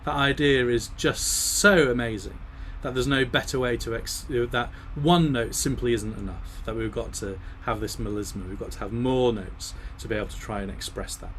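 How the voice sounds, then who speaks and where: A man's voice: mid-range voice, normal speed, few pauses, fairly bright tone, a little hiss or hum. A man leading an online choir rehearsal. He talks through the music, often singing phrases to demonstrate. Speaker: choir director.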